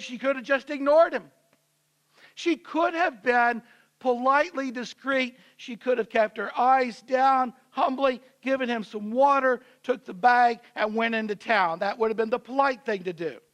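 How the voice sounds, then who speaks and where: A male pastor delivers a sermon in a relaxed, conversational storytelling way, slipping in and out of the characters' voices. His voice is very high-pitched for a man. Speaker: senior pastor. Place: church.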